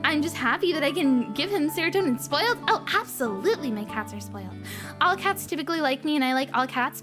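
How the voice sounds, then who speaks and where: A high-pitched woman streams a casual chat, bubbly and rambling in a playful way. Her talk drifts easily from one thing to the next, light and upbeat. Quiet background music sits faintly under her voice.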